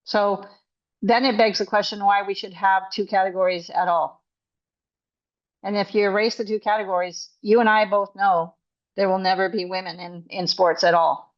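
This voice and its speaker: A woman's voice: medium pitch, steady tone, normal speed, dull audio. A woman coach and author speaking as an interview guest, emphatic and indignant, often restarting her sentences. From Canada.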